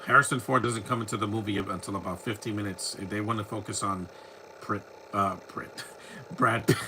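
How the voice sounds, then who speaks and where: Rambling, opinionated man with a bright voice. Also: on the low side, fairly even intonation, normal speed, slight background noise, rough recording. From United States. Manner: rambling, opinionated, many restarts. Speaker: movie commentary host. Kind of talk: casual live movie commentary.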